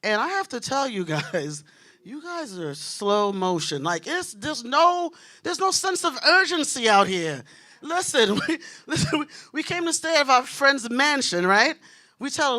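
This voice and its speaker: A woman's voice: sits high, measured pace. Brash New woman comic onstage. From Queens, New York. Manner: brash, animated, talks straight to the crowd. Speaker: stand-up comic. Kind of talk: stand-up comedy set. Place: comedy club stage.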